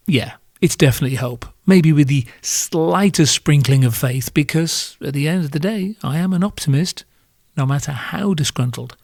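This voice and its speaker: A man's voice: on the high side, moderate pace, creaky, darkish tone, no echo, clean studio sound. A British man hosting a solo podcast, ranting in a sardonic, crude and profane way. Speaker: podcast host.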